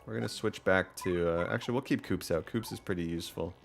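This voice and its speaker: A man's voice: low voice, fast talker, creaky. A man chatting casually while streaming a game, upbeat and full of fillers. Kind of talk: let's play commentary.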